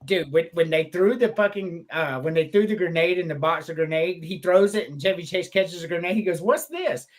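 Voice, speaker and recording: A man on a casual podcast retells comedy scenes with gusto. His voice sits high and he bursts into loud acted-out lines. He swears freely as he talks. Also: fairly quick, hardly any pauses. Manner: animated, swearing, acts out quotes in loud voices. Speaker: podcast co-host.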